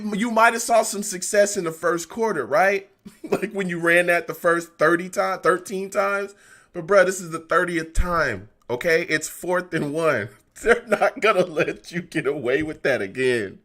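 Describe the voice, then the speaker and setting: A man's voice: on the high side, animated, a little slow, bright, forceful tone. A young man on a live stream reacting to a football game, laughing constantly and exasperated, talking in slang to his chat.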